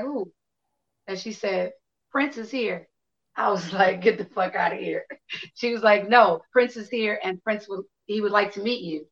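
A woman guest casually telling an animated, profane anecdote, acting out the dialogue as she goes. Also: medium pitch, muffled recording. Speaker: interview guest. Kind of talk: casual storytelling.

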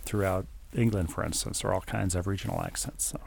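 A man's voice: low-pitched, steady tone, fast talker, vocal fry, darkish tone, husky. A man co-hosting a podcast, reading listener emails aloud with dry, wry asides in casual chat.

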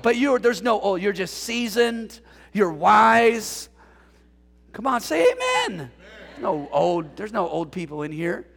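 High, gravelly-voiced preacher in a hall. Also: male voice. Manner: animated, call-and-response preaching with jokes. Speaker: pastor. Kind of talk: sermon. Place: church sanctuary.

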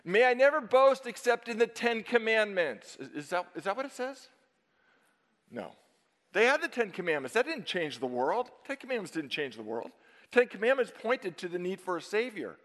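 A man preaching a sermon to his congregation, emphatic and dynamic, swinging from loud stresses down to hushed asides. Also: sits high, sing-song, moderate pace. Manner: emphatic, dynamic preaching with sudden drops to near-whisper. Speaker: pastor. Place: church sanctuary. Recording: long reverb of a church sanctuary.

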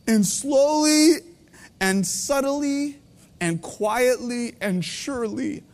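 A man's voice: very high-pitched, expressive, takes it slowly, long reverb tail. Tearful man preaching from the heart. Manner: heartfelt, voice breaking, swinging between quiet and intense. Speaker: pastor. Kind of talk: emotional sermon.

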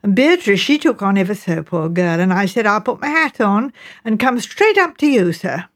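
A woman's voice: mid-range voice, very animated, moderate pace, natural voice. A woman putting on a fretful, deferential village housekeeper. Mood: earnest. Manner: earnest, respectful, keeps saying sir.

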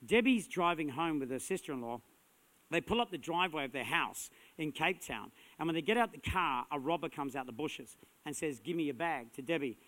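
Male pastor, sermon delivery, slightly high pitch, energetic and emphatic. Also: fairly quick. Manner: energetic, punchy, rising to shouts.

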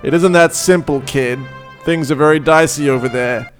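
A man's voice: a little high, normal speed, faint music behind, natural voice. A man voicing a curt, dismissive adventurer from a storybook, read aloud.

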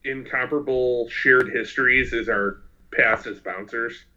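A man's voice: medium pitch, fairly even intonation, unhurried, pushed and bright, highs cut off. A man co-hosting a podcast, chatting casually in a playful, boastful way. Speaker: podcast co-host.

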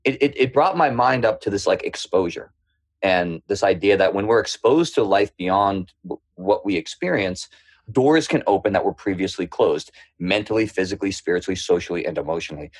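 A man with a thick Boston accent, a podcast guest telling lively stories and acting out the voices of people in them. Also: low-pitched, brisk, husky. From Boston area. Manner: lively, acts out quoted voices in his stories. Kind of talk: storytelling interview.

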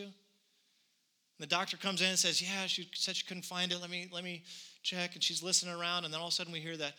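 Bright-voiced man preaching a sermon. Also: sits high, little pitch movement, fast. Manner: earnest storytelling, swells with conviction. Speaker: pastor. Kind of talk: sermon with personal story.

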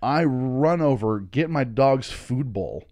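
Man in his thirties, comic storyteller, mid-pitched, dry close mic, swearing and voicing quotes. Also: slow pace, no room sound. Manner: animated, swearing, acting out quotes. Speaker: comedian guest. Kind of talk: casual storytelling. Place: studio.

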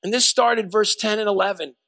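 A man's voice: sits high, a little fast, pushed and bright, dry recording. A male pastor preaching a sermon emphatically, his intensity building as he goes.

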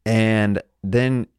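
Podcast host guy in his garage, animated and laughy, dry close mic. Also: lowish voice, clear, resonant tone, no echo. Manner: animated storytelling, laughing often. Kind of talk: casual podcast chat. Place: home garage studio.

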